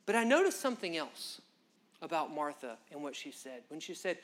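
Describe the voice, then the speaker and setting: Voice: medium pitch, sing-song, normal speed. A preacher delivers a sermon at a church service in an impassioned, conversational way. The phrasing is folksy and direct, and the preacher speaks straight to the listeners. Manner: impassioned, direct address to the congregation.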